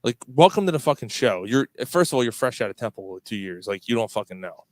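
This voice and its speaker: A man's voice: fairly low pitch, fast, dry recording. Guy ranting about sports, blunt and sweary, dry close sound. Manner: blunt, animated, swears freely. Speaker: podcast co-host. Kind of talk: casual sports chat.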